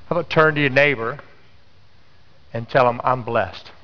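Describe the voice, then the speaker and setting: A pastor preaches a Sunday sermon in a big church sanctuary, his mid-range voice trailing off in a long echo over soft background music. He speaks casually at a moderate pace, telling everyday stories and repeatedly urging the congregation to respond. The recording sounds a bit dull.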